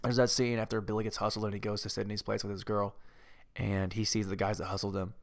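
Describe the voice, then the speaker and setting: A man's voice: lowish voice, little pitch movement, fast. A man hosting a comedy podcast, ranting about a movie in a rambling, self-mocking way and tripping over his words. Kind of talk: comedic movie-review rant.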